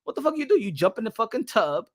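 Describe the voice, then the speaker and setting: A man's voice: very high voice, quick pace. A New York man hosting a boxing channel, ranting casually with lots of cursing and frequent laughter. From New York City. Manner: animated, profane, laughs often. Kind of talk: casual rant to camera.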